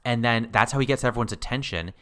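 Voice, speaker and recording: A man co-hosting a podcast, chatting casually about a TV episode, animated and laughing often. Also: medium pitch, fast talker. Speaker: podcast co-host. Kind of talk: casual chat about a TV show.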